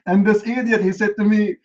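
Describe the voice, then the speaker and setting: A man with a slightly high-sitting voice hosts a heated live online debate, lecturing and mocking his opponent in a combative way. The audio sounds dull and lo-fi.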